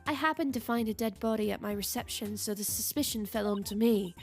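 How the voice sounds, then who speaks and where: A woman's voice: mid-range voice, fairly quick, soft background music, pitched below the performer's own voice, close to an everyday voice. Woman voicing an anxious runaway young bride, earnest and pleading, on a game stream.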